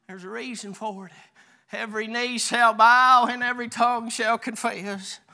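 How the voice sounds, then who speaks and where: High, bright-voiced preacher man. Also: steady tone, creaky. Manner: calls listeners "honey", reads scripture aloud haltingly. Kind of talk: folksy sermon.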